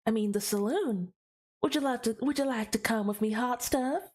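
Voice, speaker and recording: A woman's voice: on the high side, moderate pace, a little mellow, close to an everyday voice. A woman putting on a flirty Southern belle with a put-on American Southern accent, drawling and teasing. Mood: flirtatious. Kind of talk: improvised character voice on stream.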